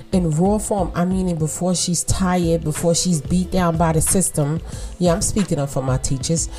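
Emphatic woman with a mellow low voice. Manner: emphatic, repeats words for stress, laughs often. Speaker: podcast host and mother. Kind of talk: casual motivational monologue.

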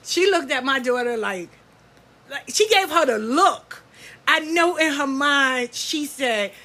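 A woman's voice: high voice, expressive, slow pace, sharp tone. An older woman, a grandmother, telling stories about her grandchildren in a blunt, profane, casual way and laughing often. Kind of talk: casual storytelling.

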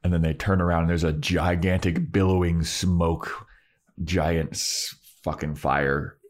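Male podcast co-host, low voice, casual recap, acts out quoted lines. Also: fairly even intonation, unhurried. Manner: retells scenes acting out characters' lines, laughs often.

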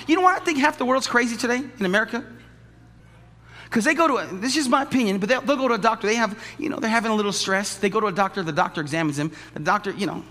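A male pastor preaches emphatically, leaping from loud high cries to quiet low storytelling. His voice is bright and a little high. A long church reverb trails every phrase. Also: very fast. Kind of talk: sermon. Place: church sanctuary.

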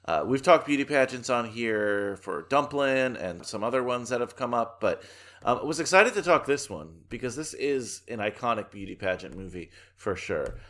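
A man's voice: mid-range voice, animated, normal speed, fairly bright tone. An American man hosting a film podcast, chatting casually and enthusiastically and laughing often. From United States. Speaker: podcast host.

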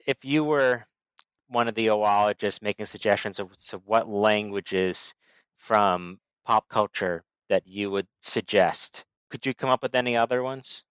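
A man co-hosting a casual chat, measured and thoughtful, asking questions. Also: fairly low pitch, fairly bright tone, smooth, no echo, poor audio.

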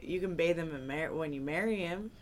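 A young woman with a fairly low voice chats in a laid-back, blunt way as a podcast guest. Her talk is casual and matter-of-fact. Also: a little fast, slight background noise. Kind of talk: casual chat.

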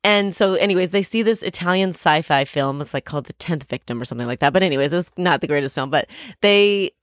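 Chatty woman with a low, dry voice. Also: animated, quick pace, no room sound. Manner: chatty, gushing, lots of "like" fillers. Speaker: podcast co-host. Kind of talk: casual chat, retelling a story.

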